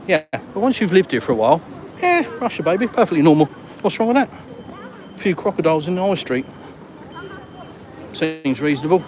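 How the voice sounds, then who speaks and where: A man chatting and joking with viewers while live-streaming on a walk outdoors. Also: fairly high pitch. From England. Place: outdoors on a city street. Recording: outdoor street traffic noise.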